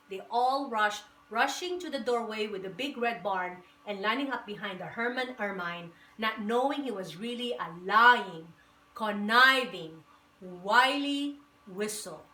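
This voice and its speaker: A woman reading a children's picture book aloud with lively, rhythmic, sing-song storytelling. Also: mid-range voice, a little slow. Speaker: storybook reader. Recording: echoey room.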